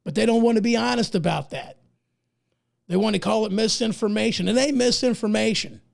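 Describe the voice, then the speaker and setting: A man's voice: high voice, brisk, creaky. A man from the United States who is losing his voice, giving emphatic, indignant opinion commentary as a podcast host and reading articles aloud in a folksy way.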